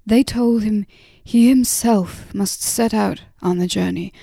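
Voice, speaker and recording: A woman narrating a story in a whispered role-play, softly and unhurriedly. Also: medium pitch, vocal fry, no echo, clean studio sound. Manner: soft, unhurried reading.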